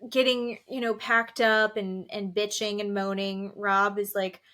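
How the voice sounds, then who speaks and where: A woman podcast host recapping reality TV in casual chat, animated and swearing freely. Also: mid-range voice, measured pace. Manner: animated retelling with acted quotes, swearing.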